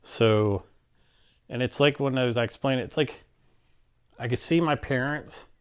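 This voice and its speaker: A man telling a personal story in a casual, animated way, with many fillers and restarts and acted-out quotes. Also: mid-range voice, moderate pace, smooth. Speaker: interviewee telling his story.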